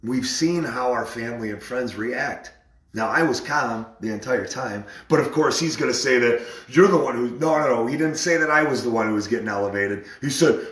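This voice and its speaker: A man's voice: mid-range voice, normal speed, fairly bright tone, echoey room. A man on a casual live stream, animatedly retelling an argument, repeating himself and acting out what others said.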